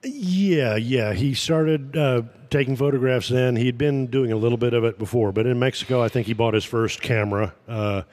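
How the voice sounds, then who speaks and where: A man telling a long anecdote as a podcast guest, halting with fillers and chuckling at his own punchlines. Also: mid-range voice, a little mellow. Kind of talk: casual anecdotal storytelling.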